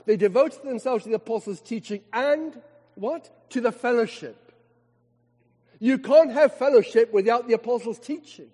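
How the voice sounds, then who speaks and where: A man, a vicar preaching a sermon with emphatic rhetorical questions and slowed words for stress. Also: very high voice, dark tone, slightly rough. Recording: long hall reverb.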